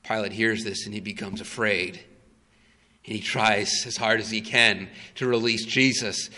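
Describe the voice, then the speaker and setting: A male preacher retelling a story in a sermon, dramatic and emphatic with long pauses. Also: fairly low pitch, steady tone, pushed and bright, long reverb tail.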